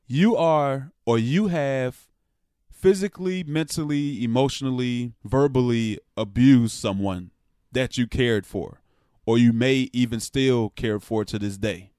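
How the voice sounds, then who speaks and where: A man's voice: medium pitch, unhurried, darkish tone, no echo, clean studio sound. Blunt, passionate man talking sports. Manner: blunt and frank, with profanity; passionate, rising emphasis. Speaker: sports vlogger. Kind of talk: casual opinion commentary.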